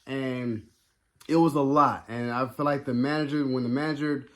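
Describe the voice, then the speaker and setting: A man's voice: mid-range voice, steady tone, normal speed, fairly bright tone. A man giving a casual, rambling spoken review, full of fillers and restarts. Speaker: video reviewer.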